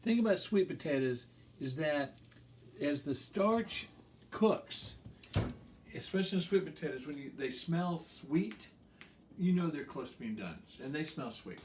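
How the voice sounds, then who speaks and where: A man's voice: a little high, lively intonation, unhurried, a little mellow, a little hiss or hum. A man hosting a home cooking show, walking through a recipe in an easygoing, rambling way with plenty of um fillers and chuckles. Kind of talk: casual cooking demonstration. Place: home kitchen. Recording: roomy kitchen, mic at a distance.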